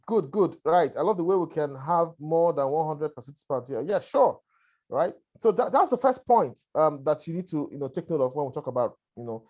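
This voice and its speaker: A man's voice: on the high side, dark tone. Coughing man presenting on a call. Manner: conversational, repetitive, checks in with "all right" and "right". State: has a lingering cough. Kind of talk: webinar presentation.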